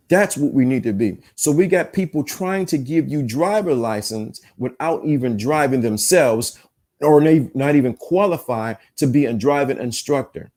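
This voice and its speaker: This relationship podcast host talks to his live chat at a normal speed, his mid-range, slightly mellow voice sounding animated. He's emphatic and preachy, frequently circling back to the same points.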